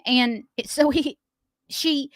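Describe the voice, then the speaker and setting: A woman's voice: high-pitched, slow pace, no echo, clean studio sound. A woman co-hosting a morning radio show, telling a story with lots of laughter. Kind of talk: casual on-air banter and storytelling.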